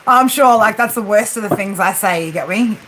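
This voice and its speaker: Australian woman, 40s, livestream host, chatty and teasing, steady rain noise in the room. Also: mid-range voice, a little fast. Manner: chatty, joking, tags sentences with "right?". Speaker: livestream tarot reader. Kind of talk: casual live-stream chat. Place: room with a flat roof. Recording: steady rain drumming behind her. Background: rain on the roof.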